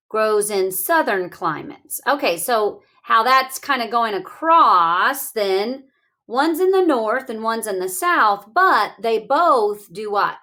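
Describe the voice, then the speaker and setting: Lady teacher, high-ish voice, real slow and patient, keeps asking the kids questions. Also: expressive, sharp tone. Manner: slow, coaxing, asks questions aloud. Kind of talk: classroom literacy lesson.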